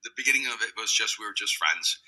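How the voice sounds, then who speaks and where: Man, low voice, very bright tone, wry storyteller, chuckling. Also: fast, low-quality recording. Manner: wry, teasing, laughs while telling stories. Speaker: interview guest. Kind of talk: casual storytelling. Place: interview clip played on a video.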